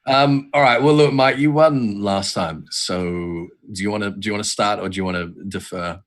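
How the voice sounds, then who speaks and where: A man's voice: fairly low pitch, normal speed. A man hosting a quiz segment on a podcast, talking casually, rambling and restarting his words, with the odd swear. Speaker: quiz host.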